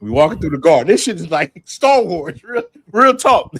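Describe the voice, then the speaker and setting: A man's voice: a little high, sing-song, moderate pace, a bit bright, husky. A middle-aged man hosting a casual livestream chat, telling stories animatedly, laughing often and swearing freely. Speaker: channel host.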